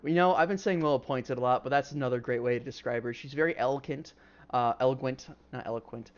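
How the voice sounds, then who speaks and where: A man's voice: medium pitch, quick pace, dull audio. A man narrating as game master in a casual, rambling way, full of fillers and the odd swear word.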